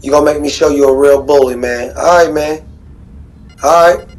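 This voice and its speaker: Guy gaming and talking trash on voice chat, cocky and taunting, aave slang, kinda high voice. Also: moderate pace, low-quality recording. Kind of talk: casual trash talk while gaming.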